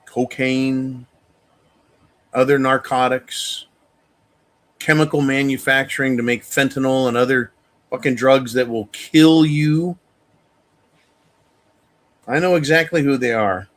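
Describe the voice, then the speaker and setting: A man's voice: mid-range voice, fairly even intonation, slow pace, long pauses, fairly bright tone. A man hosting a show, delivering an angry, profane monologue rant. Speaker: show host. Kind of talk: opinion monologue.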